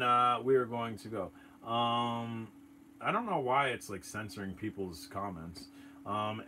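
A man hosting a live stream, telling a story in an excitable, animated way and chatting with his viewers. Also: medium pitch, slight background noise. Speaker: channel host.

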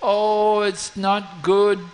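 A man's voice: high-pitched, little pitch movement, very slow, pitched above the performer's own voice. Man voicing fretful pleading parents. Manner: pleading, apologetic.

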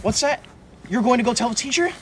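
In this comedy sketch, a man uses an extremely high, lively, fairly bright voice to portray a preachy schoolkid who whines, bosses others around, and is quick to say he'll tell the teacher. There's slight background noise.

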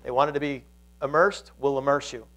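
A man's voice: mid-range voice, steady tone, normal speed, fairly bright tone, rough recording. A pastor preaching a sermon, telling a story earnestly and often restarting his sentences.

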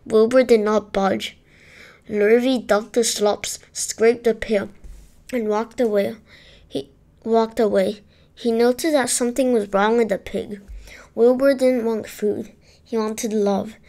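A woman reading a children's book aloud in a steady storytelling way, with the odd small slip. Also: a little high, slow pace. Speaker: storybook reader.

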